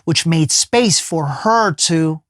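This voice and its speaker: A man, a life coach appearing as a podcast guest, telling a personal story in an earnest, emphatic way and sometimes dropping to a soft hush. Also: on the high side, expressive, takes it slowly, dry recording, clean studio sound. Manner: casual speech with many fillers and restarts.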